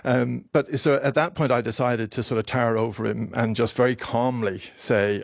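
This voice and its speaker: A man in his fifties from Ireland, a doctor speaking haltingly in a radio interview, his voice catching with emotion. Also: mid-range voice, fairly even intonation, vocal fry, no echo, studio quality. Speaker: doctor and guest.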